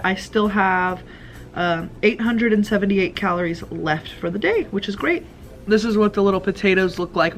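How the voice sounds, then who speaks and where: A woman with a mid-range, slightly bright voice vlogs casually at home about her meals. Her food diary is chatty and rambling, full of ums and other filler words.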